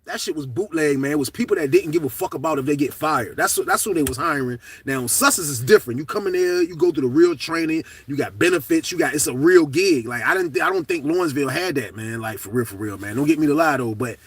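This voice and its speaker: Animated man telling a prison story. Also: a little high, fast talker, few pauses, husky, far from the mic. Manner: animated, profane, shouts at peaks of the story. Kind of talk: casual storytelling to camera.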